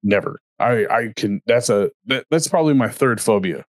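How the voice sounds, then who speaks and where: A man with a low voice co-hosts a casual podcast chat, rambling and restarting his sentences as he goes. The sound is close and dry, with no room around it. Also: animated, moderate pace, dry recording. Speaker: podcast co-host.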